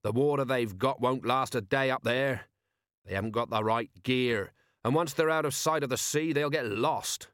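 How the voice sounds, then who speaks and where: A man voicing a gruff, gloomy ship's captain who speaks flatly of doom. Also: medium pitch, moderate pace, no room sound, clean studio sound, close to an everyday voice.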